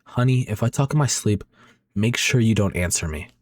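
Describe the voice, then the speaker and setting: A man voicing a young wife, narrating a horror comic, who turns into a vengeful ghost and speaks with calm menace. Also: lowish voice, brisk, no room sound, studio quality, lightly acted. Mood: calm eerie.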